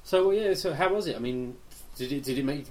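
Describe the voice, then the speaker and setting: A man from England with a lively, swinging pitch bantering on a podcast. He teases his co-host with quick retorts and bursts of mock outrage. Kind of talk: comic banter.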